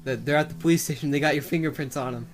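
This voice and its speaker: A man's voice: fairly high pitch, racing, close to an everyday voice. A man voicing a foul-mouthed, menacing talking male car that rants and stammers through threats. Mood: sinister.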